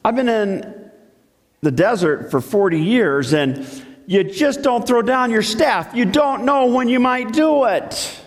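A man's voice: very high voice, expressive, slow pace, in a large hall, pitched above the performer's own voice, exaggerated voice. A man preaching, voicing Moses as a nervous, reluctant shepherd who protests in a raised, anxious voice. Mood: protesting.

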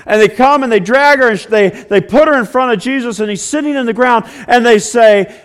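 A man preaching a sermon, telling the story with conversational asides, swinging between loud and hushed passages. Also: very high-pitched, fairly quick, hardly any pauses, clean tone. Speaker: pastor.

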